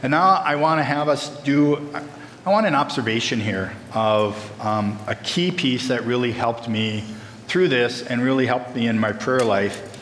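A male pastor preaching with earnest emphasis, turning often to speak straight to his listeners. His mid-pitched voice rings through a large, echoey hall with a long reverb tail. Faint room ambience sits underneath. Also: unhurried, fairly bright tone, a little hiss or hum. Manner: earnest, emphatic, addresses the congregation directly. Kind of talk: sermon.

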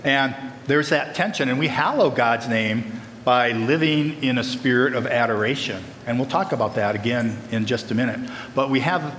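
A man's voice: medium pitch, moderate pace, fairly bright tone, a little hiss or hum. Male pastor, mid-range voice, earnest and emphatic sermon delivery, reverberant church hall. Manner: earnest, emphatic, addresses the congregation directly. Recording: echoey hall, faint ambience.

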